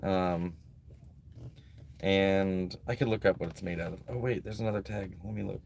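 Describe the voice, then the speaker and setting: This man's voice sits low and a little mellow, with vocal fry, fairly even intonation, and a moderate pace; there's a faint hiss or hum. He's a vlogger on a live stream at the beach, rambling easily through donations with lots of "like" and "um."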